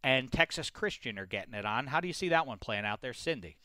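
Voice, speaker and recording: A man's voice: mid-range voice, animated, sharp tone, no room sound. A man hosting a sports talk show, chatting casually and leading the segments. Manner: chatty, quick asides, slips into a playful mock English accent.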